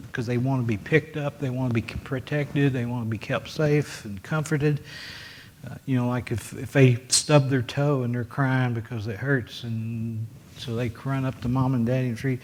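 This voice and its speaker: A man teaching a Bible lesson in a church classroom, his voice sitting at an ordinary middle pitch. He talks plainly and conversationally, with many fillers and restarts. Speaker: Sunday school teacher.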